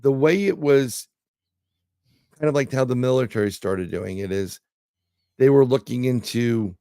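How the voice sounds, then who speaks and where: A man's voice: mid-range voice, a little slow, dark tone, dry recording, studio quality. A man, a guest telling rambling anecdotes in casual conversation, full of fillers and restarts. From New York City. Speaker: guest, remote viewer. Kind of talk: casual interview storytelling.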